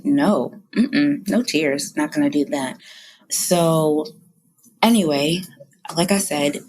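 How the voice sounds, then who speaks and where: Low husky woman, earnest and heartfelt. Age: 30s. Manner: earnest, heartfelt, holding back tears. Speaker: podcast host. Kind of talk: personal confessional talk.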